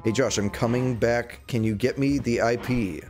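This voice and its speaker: A man's voice: medium pitch, fairly even intonation, normal speed, darkish tone, soft background music. A man chatting casually to his viewers on a live gaming stream, rambling and joking as he plays. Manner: rambling, jokey, talking to chat while playing.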